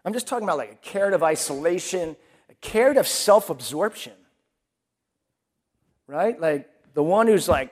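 A man's voice: high-pitched, lively intonation, normal speed, long pauses, husky. A man preaching a sermon in a conversational way, acting out people's inner voices.

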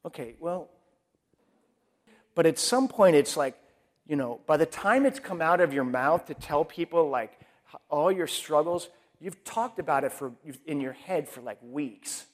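High-pitched guy preaching, chatty sermon, acts out what people think. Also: lively intonation, a little slow. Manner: conversational, acts out quoted inner voices.

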